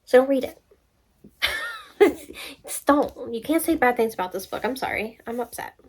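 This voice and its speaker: Animated young woman reacting to reviews. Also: fairly high pitch, normal speed. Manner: animated and exasperated, talks back to reviews. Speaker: book vlogger. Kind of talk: casual reaction vlog, reading reviews aloud.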